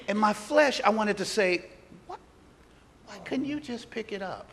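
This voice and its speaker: A man preaching a sermon, telling a personal story with animated delivery and acting out the voices of the people in it. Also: high-pitched, a little slow. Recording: long hall reverb.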